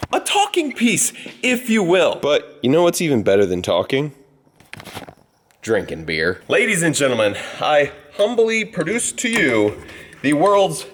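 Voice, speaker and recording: A man hosting a casual vlog, telling stories in a lively way and acting out the dialogue. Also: a little high, slight background noise. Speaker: vlogger host. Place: on a ranch, in and around a barn.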